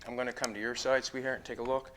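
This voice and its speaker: In a car workshop, a Canadian metal fabricator who hosts a car-building show chats through every step of his metalwork. His mid-range voice is fairly bright, moves little in pitch, and races along in this hands-on build commentary.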